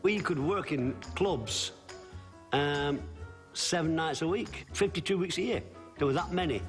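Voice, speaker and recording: A man's voice: a little high, unhurried, soft background music. A man reminiscing chattily, acting out old conversations. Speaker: comedian. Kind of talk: reminiscing interview.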